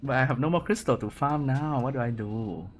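A man's voice: mid-range voice, fairly quick, soft background music. A man live-streaming a game, shrieking, laughing and swearing in disbelief. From Southeast Asia. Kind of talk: excited live gaming stream.

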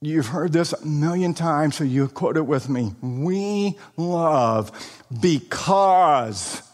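A man's voice: on the high side, moderate pace, a little mellow, husky. A man delivering a sermon in an earnest, emphatic way, recorded in a hall. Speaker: preacher. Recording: long hall reverb.

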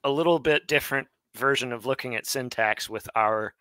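A man's voice: medium pitch, a little fast, fairly bright tone, clear, resonant tone, no room sound. A man co-hosting a live online class who thinks aloud and corrects himself as he translates. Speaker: co-host of a Hebrew study class.

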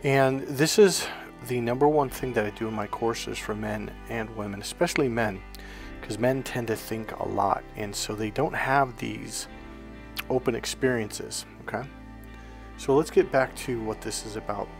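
A man's voice: medium pitch, normal speed, gravelly, faint music behind. A man teaching as a spiritual coach, talking casually, telling rambling stories and often checking in with "okay?". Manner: rambling anecdotal storytelling.

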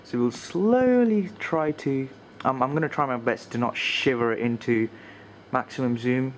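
Outdoors at night, a cold, shivering man vlogs casually for his viewers, using fillers and sometimes slipping into quiet murmured asides. His voice is medium-pitched at a moderate pace. The camcorder's built-in mic picks up a little hiss or hum.

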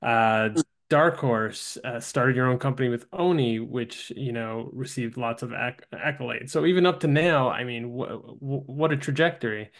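A man hosting a podcast interview, asking long questions in a halting way, with many fillers and restarted words. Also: medium pitch, vocal fry, fairly bright tone.

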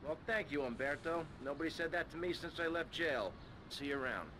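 A man's voice: fairly high pitch, fairly quick, background noise, lightly acted. An actor playing a curt, dry-witted male crime boss in a video game. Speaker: game protagonist.

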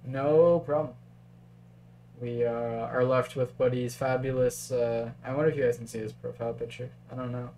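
A man's voice: medium pitch, steady tone, normal speed, warm tone, a little hiss or hum. A man casually commentating a chess game on a live stream, thinking aloud through moves and answering chat.

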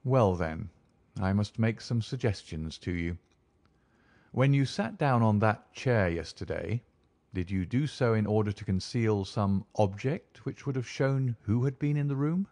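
A man's voice: fairly low pitch, a little mellow, dry recording. A man voicing a suave, shrewd male detective. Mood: probing. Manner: suave, measured, deliberate. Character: calm, shrewd male detective, smoothly confident. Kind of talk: audiobook character reading.

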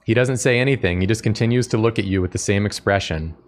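A man's voice: lowish voice, fast. A man co-hosting a stream in casual chat, reading a text adventure's story aloud with frequent chuckles. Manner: amused, chuckles often while reading. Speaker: stream co-host.

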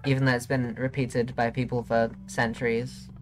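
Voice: medium pitch, little pitch movement, normal speed. A streamer chatting casually during gameplay, playful and giggly, teasing chat.

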